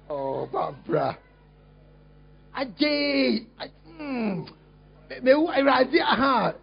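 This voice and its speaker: A man preaching a lively sermon as a pastor, teasing and exclaiming at his congregation while acting out a scene. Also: extremely high pitch, takes it slowly, creaky, long pauses, slightly rough. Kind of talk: lively sermon with acted-out demonstration. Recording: dull lo-fi recording.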